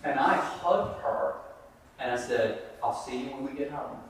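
A man's voice: medium pitch, a little slow, distant mic, noisy background. Earnest male preacher in an echoey hall. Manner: earnest, conversational preaching that repeats key phrases. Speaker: pastor. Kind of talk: sermon. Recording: echoey hall, voice picked up from afar.

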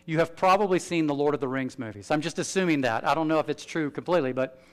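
This pastor's voice is fairly high and his pace quick as he gives an animated sermon. He alternates loud, emphatic lines with hushed asides.

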